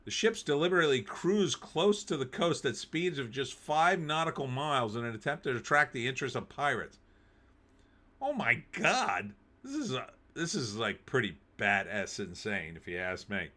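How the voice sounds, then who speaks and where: A man's voice: mid-range voice, lively intonation, moderate pace, few pauses, sharp tone. A man hosting a live stream, reading news aloud and cracking wry, jokey asides with frequent laughs.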